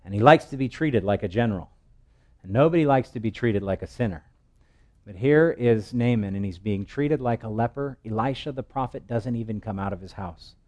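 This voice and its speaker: A male pastor preaching an expository sermon, telling the scripture story in a lively way and acting out its voices. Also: on the low side, brisk.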